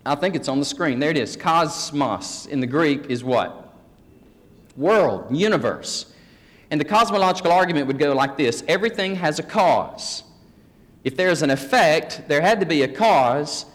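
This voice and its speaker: A man's voice: on the high side, lively intonation, moderate pace. A man preaching a folksy teaching sermon, joking with his congregation. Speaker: pastor. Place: church sanctuary. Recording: long hall reverb.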